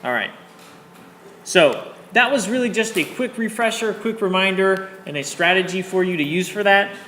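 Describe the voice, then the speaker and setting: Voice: mid-range voice, lively intonation, moderate pace, bright, forceful tone. A math teacher giving a classroom lesson in an encouraging way, often checking in with students. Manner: encouraging, checks in with 'okay?' and 'all right'. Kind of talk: classroom lecture. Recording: echoey classroom, faint background noise.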